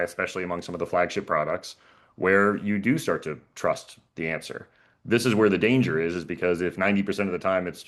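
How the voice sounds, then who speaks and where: Low-voiced man explaining, halting. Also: fairly bright tone. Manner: halting, repeats words, chuckles often. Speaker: panelist and professor. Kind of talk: casual webinar explanation.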